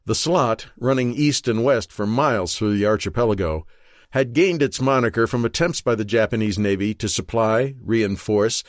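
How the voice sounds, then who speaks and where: A man reading a thriller audiobook in a measured, steady narration. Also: lowish voice, no echo, studio quality. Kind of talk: scripted narration.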